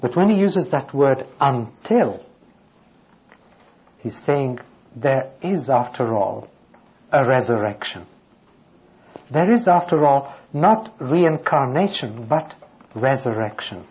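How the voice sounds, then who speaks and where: A man's voice: mid-range voice, expressive, takes it slowly, pauses often. A man preaching a sermon, reading scripture aloud and asking rhetorical questions. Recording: dull lo-fi recording.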